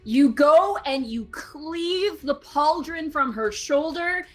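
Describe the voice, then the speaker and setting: A woman runs a tabletop game as its game master, telling the action in a lively way and often breaking into laughter. Her voice sits a little high, and faint music plays under her. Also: slow pace.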